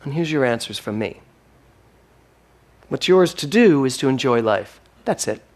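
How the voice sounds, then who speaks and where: A man's voice: mid-range voice, lively intonation, unhurried. A man preaching a sermon as minister of his spiritual center, with emphatic rising lines and playful asides.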